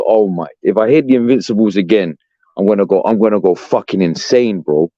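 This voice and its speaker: A young man co-hosting a podcast launches into a heated fan rant, profane and exasperated, saying "bruv" constantly. His lowish, warm voice runs a little fast, and the recording is dull, dry, and lo-fi.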